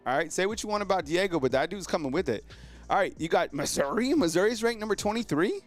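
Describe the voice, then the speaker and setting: A man hosting a live sports stream in a slangy, casual way, his voice sitting a bit high and leaping around as he gets excited. He keeps calling out to his viewers and piling on fillers. Faint music plays underneath. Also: fast. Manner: animated, exclaims and addresses viewers as fam; slangy, filler-heavy delivery. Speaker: sports show host.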